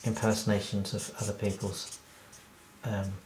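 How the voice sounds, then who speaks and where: A man's voice: fairly low pitch, level tone, moderate pace, a little mellow, slight background noise. A man, a cartoonist, talking through a casual drawing tutorial in a rambling, self-deprecating way and laughing at his own jokes. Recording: roomy echo.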